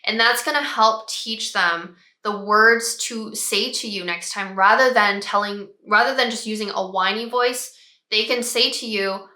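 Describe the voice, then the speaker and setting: A woman, a child behavior expert, calmly explaining parenting strategies and modeling phrases parents can use. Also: mid-range voice, a little slow, reverberant. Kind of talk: parenting advice talk.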